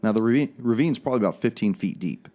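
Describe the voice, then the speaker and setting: Casting: man, lowish voice, dungeon master narrating a tabletop game, casual and descriptive, faint music under it. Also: expressive, fast talker, mellow.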